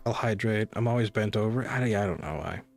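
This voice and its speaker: Man, gaming streamer, casual rambling chat, lowish voice, faint music behind. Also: fairly quick. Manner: rambling, chatty, talks to chat.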